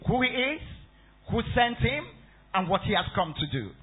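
A man's voice: very high-pitched, expressive, moderate pace, slightly rough. A man preaching a Bible-study sermon, repeating points and quizzing the congregation with questions. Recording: tinny phone-like recording.

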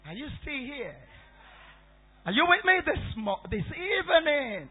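A man preaching a sermon who calls out questions for the congregation to answer and builds to shouts. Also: very high voice, very animated, a little slow. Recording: tinny phone-like sound.

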